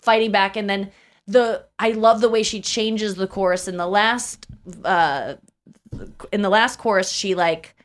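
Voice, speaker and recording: A chatty woman hosting a podcast in a casual, rambling way, with fillers and quick restarts. Her pitch sits right in the middle for a woman, neither high nor low. She laughs easily as she talks. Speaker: podcast host. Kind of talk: casual chat.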